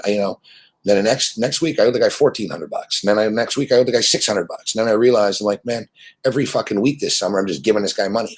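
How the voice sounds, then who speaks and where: A man's voice: on the low side, slightly rough. A man hosting a sports betting show, ranting in a blunt, profane, rambling way about gambling on credit.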